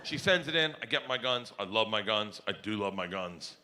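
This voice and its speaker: A middle-aged man doing stand-up comedy on stage, telling a story loudly and excitably, breaking into yelled punchlines. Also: lowish voice, moderate pace. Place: stage before a live audience. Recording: live show with loud crowd laughter.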